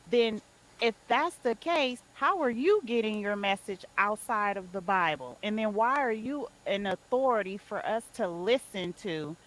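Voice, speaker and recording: A woman in a casual group chat, blunt and unhurried, laughing between her points. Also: mid-range voice, animated, fairly bright tone, poor audio. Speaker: podcast participant.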